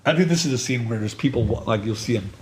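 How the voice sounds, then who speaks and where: A relaxed man talks through a movie commentary in a loose, rambling way, often trailing off mid-thought. His pitch sits in the middle of the range. A faint hiss of noise runs underneath. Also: quick pace. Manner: laid-back, rambling, trailing off. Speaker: comic creator on commentary. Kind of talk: casual commentary chat.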